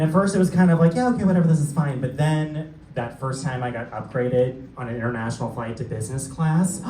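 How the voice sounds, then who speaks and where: A young man doing a live stand-up set, telling stories in a camp, sassy way with quick asides. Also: mid-range voice. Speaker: stand-up comedian. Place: theater stage before a laughing crowd. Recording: roomy live theater sound, mic distant, crowd audible.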